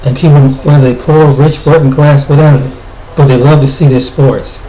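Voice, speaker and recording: A man's voice: mid-range voice, level tone, moderate pace, mellow. A man from the United States giving blunt spoken commentary, stumbling over his words and restarting often. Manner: blunt, repetitive, with frequent restarts. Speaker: video commentator. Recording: echoey room with faint noise.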